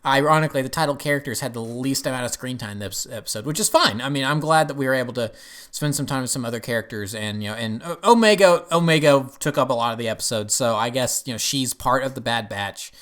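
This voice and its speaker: A man talking through an episode review in a loose, rambling way. He trails off often and stops to restart his sentences. His pitch sits at an ordinary middle height for a man. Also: quick pace, fairly bright tone. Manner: rambling, full of fillers and restarts. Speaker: TV show reviewer. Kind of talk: casual spoken review.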